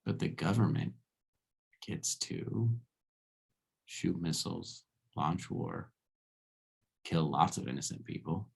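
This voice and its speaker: A man's voice: low voice, expressive, slow, vocal fry, long pauses, breathy edge, exaggerated voice. A man playing a furious ancient Greek man who hurls insults and contemptuous rhetorical questions. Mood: scornful.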